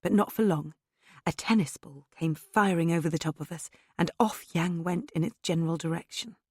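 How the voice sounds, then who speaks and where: A woman's voice: lowish voice, normal speed, slightly rough, dry recording, clean studio sound. A woman narrating a cozy mystery audiobook in the first person, with a wry storytelling tone.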